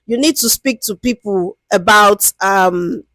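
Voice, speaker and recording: A little slow and recorded with no echo, this Nigerian-accented teacher explains product management in a lively, conversational style. She often checks in with "do you understand?" and performs interview lines in a sweeter, higher voice.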